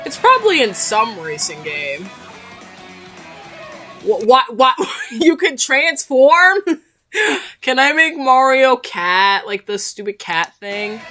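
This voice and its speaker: A woman reacting to a game trailer in casual, slangy commentary, excitable and quick to laugh and shout out. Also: medium pitch.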